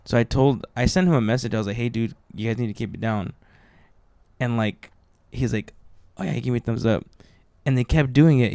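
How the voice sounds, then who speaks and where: A man's voice: medium pitch, a little fast, clear, resonant tone, dry recording. A young adult man, a stand-up comedian hosting a podcast, tells stories in casual chat with lots of swearing and acted-out voices. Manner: swearing, animated, acts out voices in quotes.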